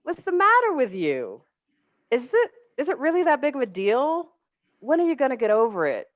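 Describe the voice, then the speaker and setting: A woman's voice: high-pitched, wildly swooping pitch, normal speed, no room sound. A woman voicing a mocking demon tempter who fires off belittling questions. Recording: dry, dull lo-fi webinar audio.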